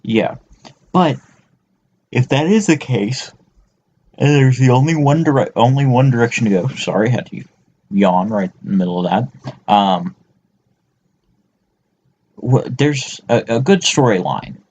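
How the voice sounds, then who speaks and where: A man's voice: medium pitch, expressive, measured pace, pauses often, a little mellow, slightly rough. A man co-hosting a podcast, ranting profanely in casual chat. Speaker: podcast co-host. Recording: dull lo-fi sound.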